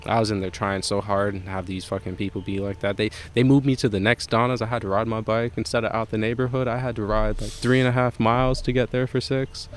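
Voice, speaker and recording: A man's voice: on the low side, level tone, fast, few pauses, slight background noise. A young man from Jamaica, a podcast guest, telling a rambling, profane story in casual chat.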